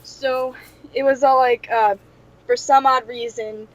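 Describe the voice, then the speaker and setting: A woman's voice: high-pitched, fairly even intonation, takes it slowly, rough recording. A woman in casual chat, rambling and giggling, often slipping into silly voices. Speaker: co-host.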